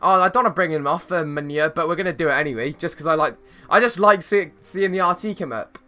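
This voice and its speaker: A young man streaming a football game, chatting casually with viewers and reacting to plays with bursts of excitement. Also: on the high side, fast talker. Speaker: gaming streamer. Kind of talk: casual live-stream chat while playing.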